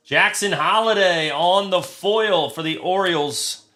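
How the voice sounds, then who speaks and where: A man hosting a live trading card break, talking crudely and getting excited, shouting over big pulls. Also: a little high, slow.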